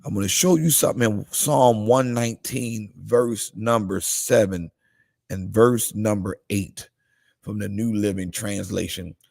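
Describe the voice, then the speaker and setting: A man preaching a morning devotional livestream, shifting between calm scripture reading and excited exclamations. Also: lowish voice, a little slow, creaky. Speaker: pastor.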